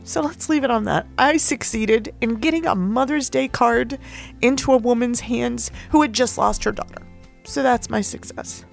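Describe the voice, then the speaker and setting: Woman, podcast host, slightly high voice, gravelly fry, candid rambling storytelling, casual swearing. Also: moderate pace, soft background music. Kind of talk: personal storytelling monologue.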